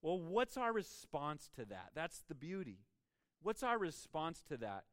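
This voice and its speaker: Male pastor, higher pitch, dry close sound; emphatic sermon with repeated starts. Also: sing-song, measured pace, dry recording. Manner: emphatic, repeats words when starting a thought.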